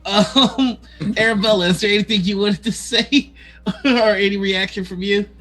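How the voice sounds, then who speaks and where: A woman's voice: medium pitch, steady tone, a bit bright. A woman running a tabletop game as game master, laughing often between lines. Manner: laughs often, drawn-out delivery. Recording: faint music behind.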